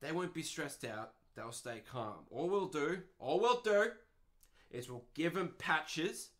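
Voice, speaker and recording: A man with an Australian accent voicing a smug, condescending male government planner who speaks slowly and patronizingly. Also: a little high, animated, fairly bright tone. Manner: slow, patronizing, self-satisfied.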